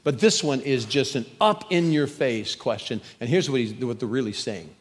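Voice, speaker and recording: A man's voice: medium pitch, normal speed, big-room sound. Earnest emphatic male preacher. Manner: earnest, emphatic, repeats words when building a point. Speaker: pastor. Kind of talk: sermon.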